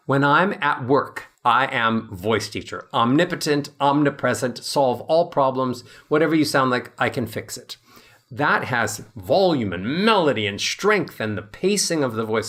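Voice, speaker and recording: A middle-aged man speaking as a voice coach in an interview, lively and demonstrative, acting out little voices as he explains. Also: mid-range voice. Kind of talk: animated interview talk.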